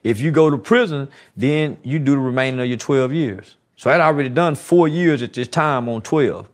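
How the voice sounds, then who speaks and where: A man telling his life story in conversation, earnest and halting, with frequent restarts. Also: mid-range voice.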